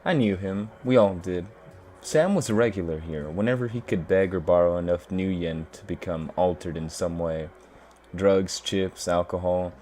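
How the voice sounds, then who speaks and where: A man's voice: low voice, moderate pace, warm tone, a little hiss or hum, natural voice. A man voicing a composed, guarded but playful woman who runs a bar, read aloud from a game.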